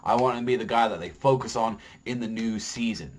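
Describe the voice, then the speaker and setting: A man's voice: lowish voice, fairly quick. A young man casually reviewing a TV episode on his vlog, swearing constantly and rambling with heated opinions and lots of fillers. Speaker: TV show reviewer.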